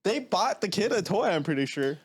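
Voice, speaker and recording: A man co-hosting a casual podcast, telling stories in an animated way and laughing often. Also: sits high, brisk, breathy edge. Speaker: podcast co-host. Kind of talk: casual chat.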